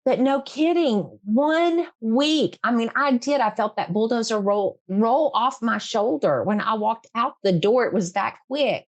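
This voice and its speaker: A middle-aged woman hosts a podcast conversation with a slow, unhurried delivery and a slightly high voice. She speaks earnestly, repeating lines for emphasis and breaking into laughter often. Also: lively intonation. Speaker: podcast host. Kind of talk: emotional interview chat.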